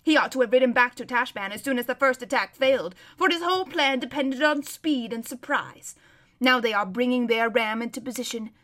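A woman's voice: high voice, fairly bright tone. A woman voicing an old male hermit who describes a distant battle as a vivid, emphatic running commentary. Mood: watchful.

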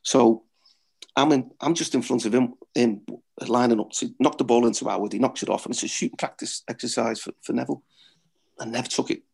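A man's voice: medium pitch, brisk, creaky, a little mellow, husky. A middle-aged man, a former footballer, telling blunt, swearing anecdotes and laughing at his own stories. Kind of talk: anecdotal storytelling.

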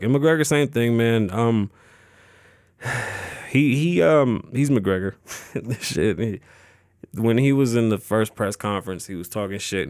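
A man's voice: mid-range voice, dry recording, studio quality. Profane, rambling man podcasting solo. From Las Vegas. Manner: loose, profane, rambling with many fillers and restarts. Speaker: podcast host. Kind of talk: casual solo podcast chat.

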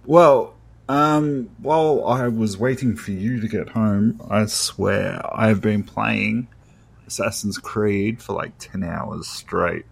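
A man's voice: fairly low pitch, fairly even intonation, takes it slowly, gravelly, breathy edge. Laid-back Australian man chatting. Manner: laid-back, rambling with fillers. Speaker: podcast co-host. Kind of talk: casual chat.

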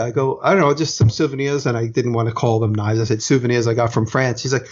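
An American man spins a long, meandering story in casual podcast chat, backing up to correct himself and dropping the odd curse. His voice sits at an ordinary middle pitch. The recording sounds dull and lo-fi. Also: fairly even intonation, fast, hardly any pauses, darkish tone. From United States. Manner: rambling, self-correcting, profane.

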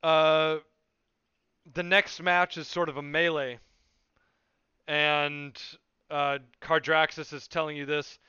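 A man narrating as game master of a tabletop game, unhurried and full of fillers. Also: on the high side, little pitch movement, pushed and bright, clean tone, no room sound, muffled recording.

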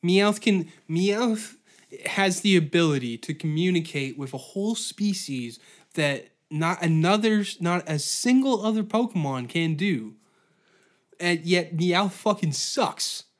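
A man's voice: sits high, lively intonation, measured pace. A man hosting a podcast, ranting comedically with heavy swearing and laughing at his own jokes. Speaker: podcast host. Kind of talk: comedic solo rant.

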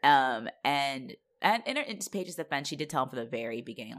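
A woman co-hosting a casual podcast recap, animated and laughing, acting out characters in quick voices. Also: a bass voice. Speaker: podcast co-host recapping a TV show. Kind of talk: casual chat.

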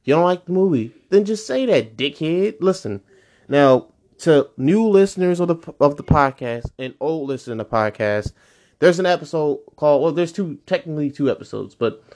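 Young male podcaster, loose and profane, spikes high when riled. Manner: animated, profane, pitch jumps high when annoyed. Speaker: podcast host. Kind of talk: casual solo podcast rant.

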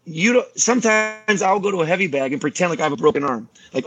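Talking fast and high-pitched, a man who teaches martial arts tells stories casually on a podcast, animatedly acting out what other people said. The low-quality recording has slight background noise.

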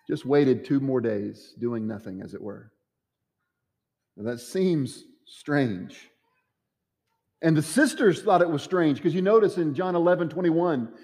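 A man's voice: mid-range voice, a little mellow, big-room sound. A man preaching a sermon as pastor, acting out the quoted voices with dramatic swings. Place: church sanctuary.

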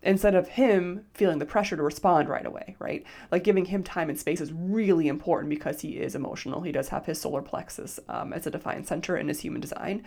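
Fast and barely pausing, she speaks in a fairly low, slightly mellow voice. A life coach in her thirties, she hosts a casual, chatty podcast alone, leaning on "like" and frequently quoting herself in little voices.

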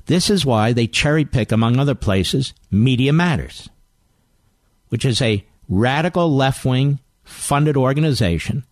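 A man's voice: medium pitch, dry recording. A man hosting a political talk radio show, delivering a combative monologue and reading headlines aloud with rising emphasis into a studio microphone.

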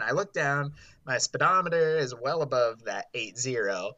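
Bright-voiced young man telling stories. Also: on the high side, moderate pace. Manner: animated storyteller, laughs often. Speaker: podcast co-host. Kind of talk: casual chat, storytelling.

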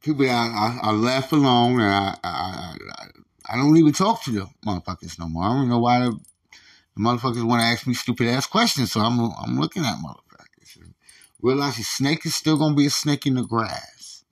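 A man with a rough, gravelly voice at an ordinary middle pitch vents on his own podcast. He speaks, swears constantly and keeps stumbling into repeated restarts as he rants. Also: expressive, fairly quick. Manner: profane, repetitive, stammering restarts. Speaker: podcast host. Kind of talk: casual ranting monologue.

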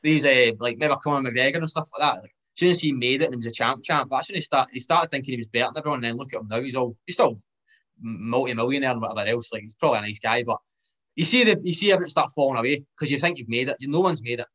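Fast-talking man, lo-fi sound. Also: mid-range voice. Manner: fast, animated, repeats himself with restarts. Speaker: podcast guest, fitness trainer. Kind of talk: casual chat.

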